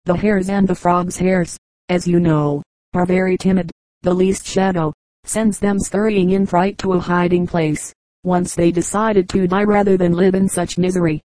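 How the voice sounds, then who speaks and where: A woman narrates fables with a measured, steady delivery. Her voice sits low and warm, kept flat in its melody. The sound is dry and close to the mic. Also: no echo, low-quality recording. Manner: measured, even reading. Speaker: audiobook narrator. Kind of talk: scripted storybook narration.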